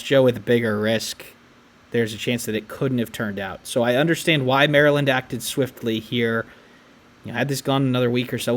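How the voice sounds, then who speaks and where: Podcast co-host, male, mid-pitched, calm analytical sports talk full of numbers. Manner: stat-heavy, measured, some restarts. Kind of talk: casual sports analysis chat.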